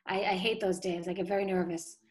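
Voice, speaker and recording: A woman's voice: medium pitch, fairly even intonation. Chatty woman from Boston, filler-heavy. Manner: chatty, many "like" and "you know" fillers, quick laughs. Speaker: city council communications director. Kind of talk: casual interview talk.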